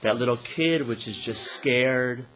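A man giving a conversational dharma talk as a meditation teacher. He keeps checking in with "right?" and gets animated and laughs while telling a joke. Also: measured pace, rough recording. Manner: conversational, frequent "right?" tag questions; laughs and rises in pitch when telling a joke.

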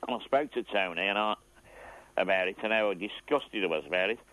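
An older man calling a radio phone-in, emotional and halting, clearing his throat. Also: fairly low pitch, a bit bright, no room sound. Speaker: caller. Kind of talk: phone-in call. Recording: tinny phone line.

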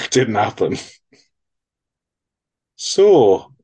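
A man's voice: on the low side, very animated, drawn-out words, darkish tone, breathy edge. A man co-hosting a film podcast, rambling jokily through tangents and swearing freely in casual chat. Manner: rambling, jokey, swears freely, breaks into mock voices. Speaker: podcast co-host.

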